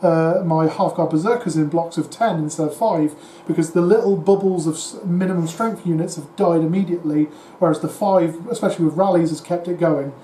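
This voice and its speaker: A man's voice: a little high, fairly even intonation, fairly quick, dark tone. A man co-hosting a tabletop wargame battle report, talking in a tired, rambling, self-mocking way. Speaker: tabletop wargame player and co-host. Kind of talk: casual battle-report chat. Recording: echoey room with faint hiss.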